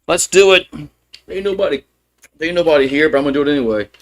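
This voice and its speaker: A man calling a live baseball game as a fan streamer, openly rooting for his team, chatty and loose, with rambling asides between pitches. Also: fast talker. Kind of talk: live baseball play-by-play commentary.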